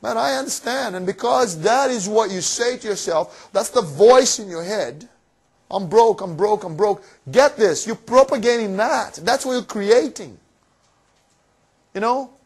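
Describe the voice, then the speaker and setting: A man giving a motivational finance seminar to a live audience in a room, energetic and cheeky, firing off rhetorical questions. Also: sits high, a little slow, gravelly, slightly rough. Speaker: seminar presenter.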